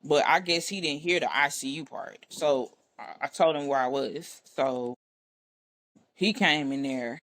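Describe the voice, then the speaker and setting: A woman from Texas, a podcast guest, telling her own story in a blunt, profane, animated way and acting out the dialogue. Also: low-pitched, unhurried. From Texas, USA. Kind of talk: casual storytelling.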